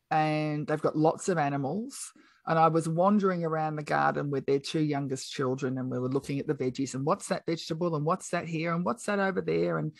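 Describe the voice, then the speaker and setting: Frank, animated middle-aged woman storyteller. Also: low-pitched, dry recording. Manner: animated, acts out quoted dialogue; frank and outspoken. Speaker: podcast guest. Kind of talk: casual storytelling chat.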